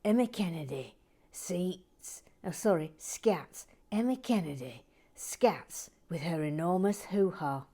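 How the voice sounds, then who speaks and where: A woman's voice: lowish voice, animated, slow pace, dark tone, husky, heavily acted. A woman voicing a pedantic, cheeky male viewer who talks in a mock-formal, correcting way.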